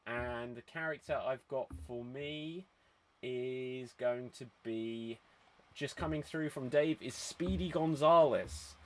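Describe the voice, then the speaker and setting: A man hosting an online improv show over a video call, brisk and chatty, laughing often. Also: medium pitch.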